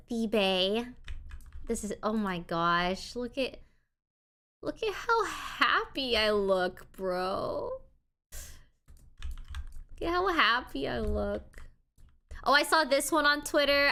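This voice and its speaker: A woman live streamer chatting casually, excitable and swinging between loud outbursts and quiet mumbles, grateful and playfully defensive. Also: sits high, smooth. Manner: playfully defensive toward chat; warm and grateful, thanking people one after another.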